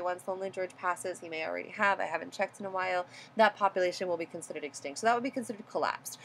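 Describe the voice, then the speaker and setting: A woman's voice: medium pitch, slight background noise. A woman giving a recorded biology lecture in a conversational way, often checking in with "right?" and correcting herself as she goes.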